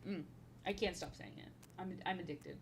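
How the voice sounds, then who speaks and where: A woman's voice: lowish voice, normal speed, gravelly, a little hiss or hum. A woman in her thirties chatting casually while painting on a stream, rambling and repeating her own phrases, playful and prone to slipping into silly voices.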